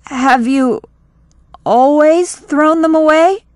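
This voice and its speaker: A woman's voice: high-pitched, takes it slowly, no echo, studio quality, voice pushed up. Woman reading as an indignant teenage girl. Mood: hurt.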